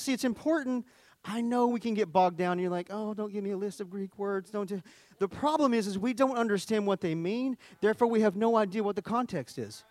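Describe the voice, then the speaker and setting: A man's voice: high-pitched, no room sound. A man preaching a sermon in a conversational teaching manner, often starting with "see" and restarting phrases as he explains word meanings.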